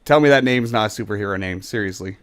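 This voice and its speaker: A man's voice: lowish voice, fast. A man hosting a casual podcast, making jokey, rambling introductions of his guests. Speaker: podcast host. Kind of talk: casual chat.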